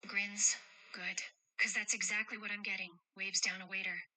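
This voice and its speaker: A woman voicing a caring adult who protects two children, speaking gently and teasingly and reading the stage directions aloud in a chat role-play. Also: mid-range voice, little pitch movement, normal speed, no echo, poor audio. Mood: tender, playful.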